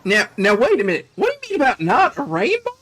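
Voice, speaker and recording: A man's voice: very high-pitched, wildly swooping pitch, fast, a bit bright, faint music behind. A man chatting casually on a livestream, teasing and laughing often. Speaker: streamer.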